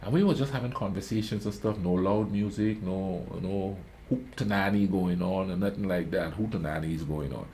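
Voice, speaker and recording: Male reaction host, low mellow tone, laid-back rambling storyteller. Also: normal speed, few pauses, a little hiss or hum. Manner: rambling anecdotes, frequent "you know what I mean"; calls himself a quiet talker. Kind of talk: casual storytelling commentary.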